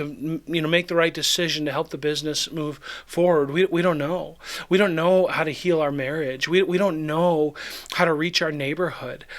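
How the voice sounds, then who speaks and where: Pastor, male, slightly higher voice, relaxed conversational devotional teaching, reads verses aloud. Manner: conversational, reads scripture then acts out the disciples.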